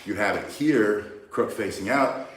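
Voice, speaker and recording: A man's voice: fairly low pitch, a little slow, a bit bright, a little hiss or hum. A man teaching self-defense, bluntly and emphatically walking through each move step by step. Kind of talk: instructional demonstration. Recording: very echoey, mic far from speaker.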